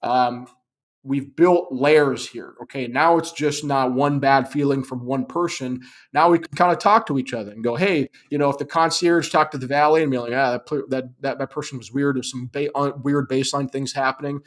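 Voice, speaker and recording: A man's voice: mid-range voice, fairly even intonation, moderate pace. A man hosting a live show, teaching in an emphatic, conversational way, often checking in with "okay?". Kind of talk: live-stream teaching talk.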